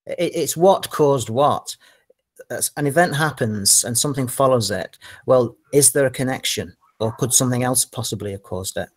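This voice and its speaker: A man's voice: mid-range voice, moderate pace. A man in casual online chat, explaining points carefully with hesitant repeats.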